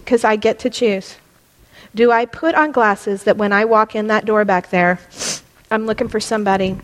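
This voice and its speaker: High-voiced woman preaching in a reverberant hall. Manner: impassioned, rising to near-yelling at peaks. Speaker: Bible study teacher. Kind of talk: preaching a Bible lesson.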